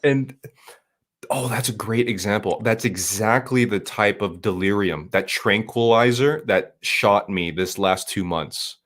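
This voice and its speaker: A man's voice: lowish voice, unhurried, fairly bright tone. A young man from Southern California, a co-host talking in an intense, rambling, profane way. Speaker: podcast co-host. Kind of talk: casual chat.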